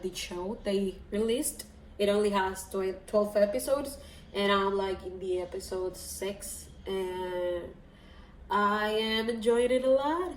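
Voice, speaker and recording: A woman chatting casually about favorite books, emotional and rambling, her talk full of "like" and "so yeah". She is recorded in an echoey room with a faint hiss behind her. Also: mid-range voice. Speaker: book vlogger. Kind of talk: casual chat.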